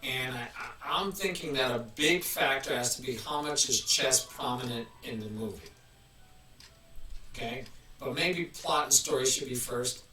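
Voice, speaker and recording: Chatty man with a bright voice, rambling live. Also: medium pitch, measured pace, soft background music. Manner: rambling, chatty, restarts often. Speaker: live-stream host. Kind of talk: casual live-stream chat. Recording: roomy, mic at a distance.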